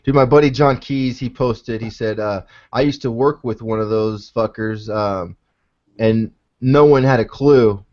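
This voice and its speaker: A man's voice: medium pitch, measured pace, a little mellow, lo-fi sound. A man hosting a casual podcast chat over a video call, laid-back and swearing freely, often tagging his sentences with "man". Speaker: podcast host.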